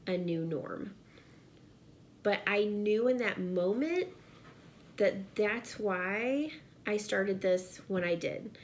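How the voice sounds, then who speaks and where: A woman's voice: medium pitch, slight background noise. A pregnant woman, talking earnestly and directly to viewers in a casual vlog from her home office. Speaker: vlogger and direct sales seller.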